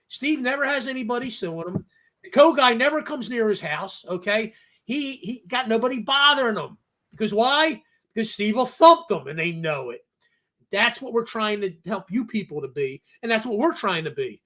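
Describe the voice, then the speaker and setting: A man's voice: sits high, very animated, moderate pace, sharp tone. A man hosting a casual talk discussion, emphatic and insistent, often tagging his points with "okay?" and acting out the people he quotes. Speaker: host.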